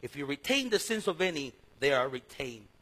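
Husky high-voiced male pastor. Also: sing-song, brisk, low-quality recording. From East Los Angeles. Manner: storytelling, swings from loud to hushed. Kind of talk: sermon.

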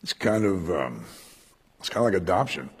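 Husky pastor preaching in a reverberant hall. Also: male voice, low voice, sing-song, moderate pace. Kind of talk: verse-by-verse Bible teaching sermon. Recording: echoey hall with long reverb.

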